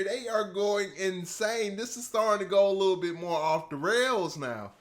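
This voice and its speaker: A man hosting a casual TV reaction video, talking to his viewers, swinging from quiet musing to loud excited hype. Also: sits high, moderate pace, hardly any pauses. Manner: excitable, addresses viewers as y'all, drifts between hushed musing and loud hype.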